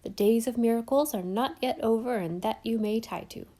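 A woman voicing a brisk, devoted elderly housekeeper who talks bluntly with old-fashioned sayings. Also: fairly high pitch, mellow, lightly acted. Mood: emphatic.

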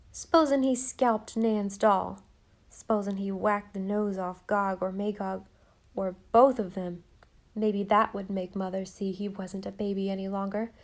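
Mellow-voiced woman reading a children's novel. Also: mid-range voice. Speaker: audiobook narrator. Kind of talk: scripted narration of a children's novel.

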